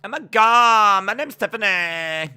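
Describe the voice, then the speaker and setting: A ditzy, gushing young woman, pitched high and drawn out at the end of every line, as a man puts her on. She sounds exaggerated and mocking, with a bright, piercing edge. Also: animated, a little slow, smooth, heavily acted. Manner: exaggerated, stretches out sentence endings.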